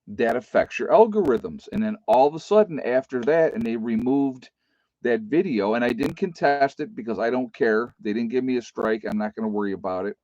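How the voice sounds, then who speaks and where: A man's voice: mid-range voice, darkish tone, dry recording. A middle-aged man hosting a casual livestream, rambling and folksy with lots of fillers. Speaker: livestream host. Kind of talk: casual live-stream chat. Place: rural home. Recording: dull lo-fi stream audio.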